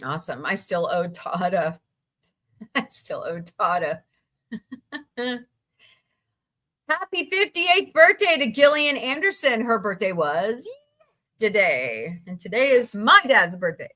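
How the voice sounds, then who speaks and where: Woman, american, live stream host, chatty, slow and unhurried, bright tone. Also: medium pitch, very animated. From United States. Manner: chatty, reacts aloud while scrolling, frequent laughs. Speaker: livestream host. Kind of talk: casual live chat, reading headlines.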